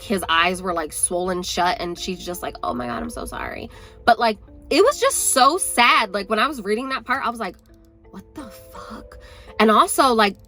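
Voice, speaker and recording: A young woman talks casually to the camera as a book vlogger, her voice at a middle pitch. She rambles along with lots of filler words. Faint music plays underneath. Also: fairly bright tone. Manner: chatty, rambling, many "like" fillers. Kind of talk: casual chat.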